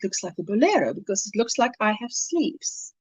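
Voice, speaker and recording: A woman's voice: mid-range voice, big pitch swings, moderate pace, husky, dry recording. A woman from South Africa hosting a casual crochet livestream, chatty and affectionate, laughing often and calling viewers sweetheart. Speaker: livestream host.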